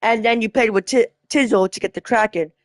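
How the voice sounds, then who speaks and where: A woman's voice: fairly high pitch, brisk, no room sound. Rambling ranting female vlogger, dry sound. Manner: rambling, restarting and swearing while retelling a chat argument. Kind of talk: casual storytelling rant.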